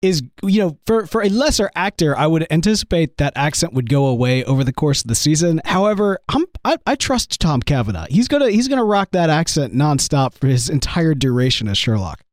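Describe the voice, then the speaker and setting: A man's voice: on the high side, sing-song, fairly quick, few pauses, dry recording. Man, host, weak strained sick voice, rambling, enthusiastic, dry close sound. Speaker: podcast host. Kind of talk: casual fan discussion.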